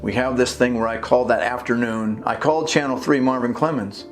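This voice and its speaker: A man's voice: medium pitch, fairly even intonation, fairly quick. A man telling a long story in an indignant, rambling way, acting out conversations with many restarts. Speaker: video blogger and activist. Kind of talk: casual storytelling monologue. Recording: faint guitar music behind.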